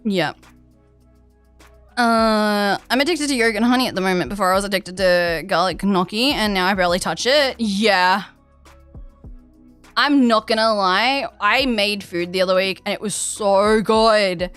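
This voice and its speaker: A woman's voice: medium pitch, moderate pace, a bit bright, smooth, soft background music. A young Australian woman streaming a game, chatting in a rambling way and answering her chat over a headset mic. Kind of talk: casual chat while gaming.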